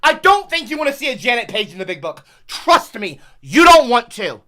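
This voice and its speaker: A man's voice: very high-pitched, big pitch swings, normal speed, bright, forceful tone. A man livestreaming, ranting at his chat in an exasperated, profane way.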